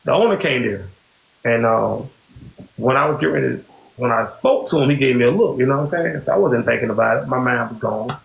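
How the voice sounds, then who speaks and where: A man's voice: mid-range voice, animated, fairly quick, gravelly. A man hosting a podcast, telling a personal story in casual, rambling talk that keeps circling back to "you know what I'm saying.". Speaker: podcast host. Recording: echoey room with faint hiss.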